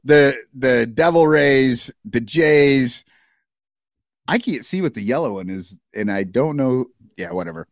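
Male podcast co-host, slow, animated, profane rants, dry close mic. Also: medium pitch, dry recording. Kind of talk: casual chat.

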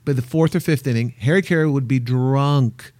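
A man's voice: medium pitch, moderate pace, dry recording. A man hosting a podcast in casual interview chat, laughing easily and joking. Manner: laughs easily, jokey and relaxed. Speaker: podcast host.

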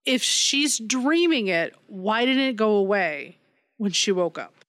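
A woman's voice: medium pitch, sing-song, unhurried, a bit bright, no room sound. A woman co-hosting a casual film review chat, rambling and profane as she picks apart the plot. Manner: rambling, profane, mocks bad accents. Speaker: podcast co-host.

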